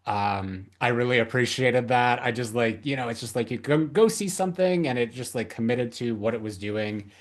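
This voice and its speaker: A man hosting a podcast, talking casually about a horror film, with many pauses and restarts. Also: mid-range voice. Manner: halting, many fillers and restarts. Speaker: podcast host.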